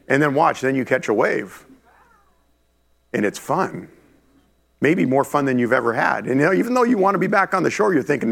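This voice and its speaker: Middle-aged pastor guy preaching, gravelly voice, a bit high, super animated with the crowd. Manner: animated, talks straight to the congregation with quick asides. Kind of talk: lively sermon. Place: church before a congregation.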